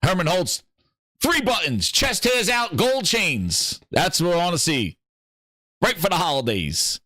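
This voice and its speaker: A man's voice: high-pitched, a little slow, dry recording, clean studio sound. A man hosting a gaming show, joking and exclaiming in a comedic livestream chat. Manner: animated, joking, exclaiming, laughing often.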